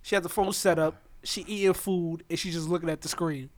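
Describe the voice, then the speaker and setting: A young man with a high voice ribs and needles his friends. He keeps it casual, podcast banter among buddies. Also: steady tone, a little fast. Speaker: podcast co-host. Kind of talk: casual chat.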